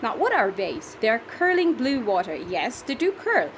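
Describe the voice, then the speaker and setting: A woman's voice: on the high side, big pitch swings, slight background noise, low-quality recording. Patient woman teacher with a Pakistani accent. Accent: Pakistani English. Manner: patient, explains step by step, counts syllables aloud slowly. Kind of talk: classroom lesson explaining poetry.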